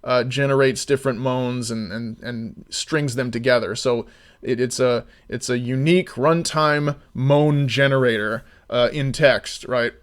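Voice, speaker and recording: A man talking casually on a live stream, rambling with many restarts and sometimes getting loud and exasperated. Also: medium pitch, fairly even intonation, unhurried.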